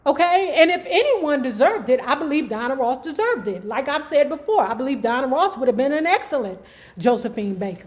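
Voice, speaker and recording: A woman telling celebrity gossip and stories in a chatty, slangy, animated way. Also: sits high, brisk. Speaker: YouTube gossip commentator. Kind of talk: casual gossip storytelling.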